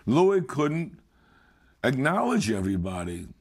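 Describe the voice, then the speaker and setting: Man, mid-pitched voice, plain-spoken band member recalling old shows. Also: sing-song, measured pace, a little mellow. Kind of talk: reminiscing interview.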